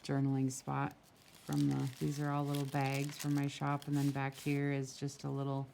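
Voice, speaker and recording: A woman's voice: very deep voice, monotone, moderate pace, vocal fry, darkish tone, a little hiss or hum. A woman who runs a craft shop, casually chatting as she flips through a handmade journal, gushing and full of small asides, recorded outdoors in a breeze on a camera mic.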